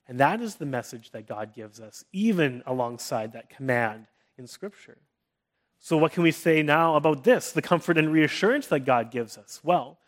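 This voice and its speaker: Man preaching, earnest, restarts phrases, slightly high voice, thirties. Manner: drops to a soft hush for comforting quotes. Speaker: pastor. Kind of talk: sermon.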